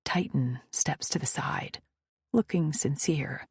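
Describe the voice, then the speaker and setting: A woman narrates a first-person romance audiobook in a hushed, breathy voice. Her tone is low and husky. The recording is close and dry, with no room sound. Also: unhurried, dry recording.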